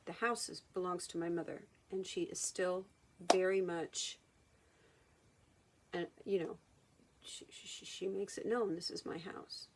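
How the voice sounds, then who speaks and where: A woman hypnotherapist speaking in a personal vlog monologue, halting and reflective, often restarting her sentences. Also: on the low side, fairly even intonation, heavy background noise. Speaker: hypnotherapist and channeler.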